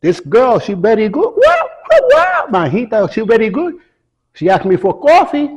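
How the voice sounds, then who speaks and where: A man's voice: high voice, huge pitch swings, moderate pace, slightly rough, pitched above the performer's own voice, heavily acted. A man playing an impatient old male coffee shop worker, talking in brusque, broken English. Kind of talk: comedy sketch.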